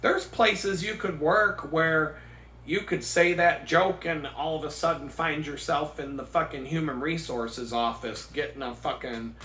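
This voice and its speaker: Bright-voiced, rambling, profane Gen X man. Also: a little high, unhurried. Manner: profane, rambling storytelling with bursts of laughter. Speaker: vlogger. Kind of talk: casual rant. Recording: echoey room.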